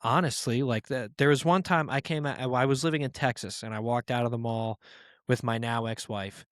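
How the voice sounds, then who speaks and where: A man's voice: mid-range voice, steady tone, moderate pace, no room sound, clean studio sound. A man hosting a comedy podcast, rambling through a story, swearing casually and acting out the people he quotes. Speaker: podcast host.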